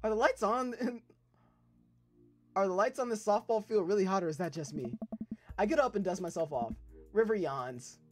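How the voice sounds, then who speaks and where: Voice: medium pitch, lively intonation, normal speed, pauses often, faint music behind. A young adult let's play gamer reading a dating game's dialogue aloud and riffing on it in a loose, profane, laughing way. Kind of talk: casual let's play commentary, reading game text aloud.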